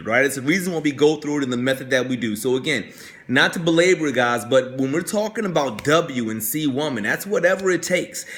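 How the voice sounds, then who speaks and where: A man's voice: fairly high pitch, fairly bright tone. A male coach telling a story in a motivational talk, talking conversationally, repeating words and often asking "right?". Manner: conversational, keeps checking in with "right?".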